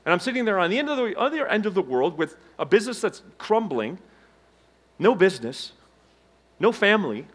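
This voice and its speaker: A middle-aged man giving a motivational keynote on stage, telling his story with dramatic swings between loud emphasis and hushed low tones. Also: big pitch swings, a little fast. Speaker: keynote speaker. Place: conference stage before a live audience.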